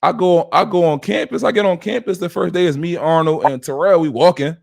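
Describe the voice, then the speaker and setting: Man telling a lively story. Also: on the high side, fairly quick, vocal fry. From West Philadelphia. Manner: acts out quoted dialogue with shifting voices. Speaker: podcast host. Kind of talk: animated storytelling.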